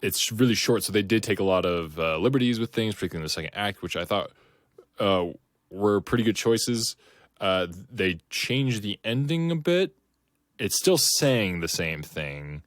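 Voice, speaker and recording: Low-voiced dude rambling on a podcast, lots of ums and uhs, dry close mic. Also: male voice, expressive, normal speed, a bit bright, dry recording. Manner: rambling, many fillers and restarts. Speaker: podcast co-host. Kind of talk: casual chat.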